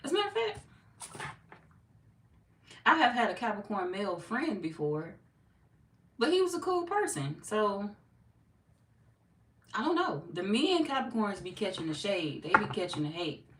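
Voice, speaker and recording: A woman's voice: medium pitch, sing-song, normal speed, pauses often, a bit bright. A woman chatting casually as a tarot reader, laid-back and talkative as she reads viewer comments aloud. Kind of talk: casual live-stream chat. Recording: echoey room, mic far off, noisy.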